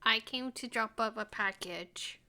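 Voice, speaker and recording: A woman's voice: on the high side, unhurried, sharp tone. A woman playing a tabletop game, casual and giggly. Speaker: player.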